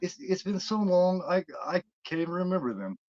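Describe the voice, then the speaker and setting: A man retelling a film scene voices a calm, cheerful housewife who plans to cook a child, speaking matter-of-factly. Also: on the high side, normal speed, natural voice. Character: calm, cheerful witch-like housewife planning a meal. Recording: dull dry lo-fi recording.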